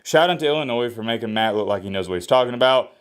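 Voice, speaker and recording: A man doing a solo sports reaction vlog. He talks in a blunt, opinionated way, with energetic swings in pitch and a slightly hoarse voice. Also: racing. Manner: opinionated, blunt trash talk. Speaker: sports vlogger. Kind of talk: solo college football reaction.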